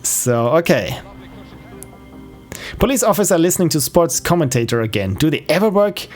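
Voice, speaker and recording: A man's voice: a little high, very animated, normal speed, soft background music. A man streaming games, casually thinking aloud with fillers while he plays. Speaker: game streamer. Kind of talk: casual live-stream commentary.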